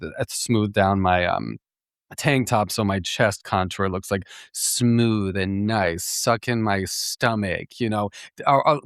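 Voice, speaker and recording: Podcast host, man, lowish voice, chatty storyteller who laughs a lot, dry close mic. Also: dry recording. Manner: chatty, animated, laughs often, many fillers and restarts. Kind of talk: casual storytelling monologue.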